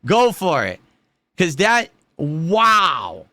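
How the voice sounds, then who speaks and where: A man's voice: sits high, wildly swooping pitch, very slow, sharp tone, no room sound. A man streaming live, giving casual reaction commentary in an incredulous, exclaiming way.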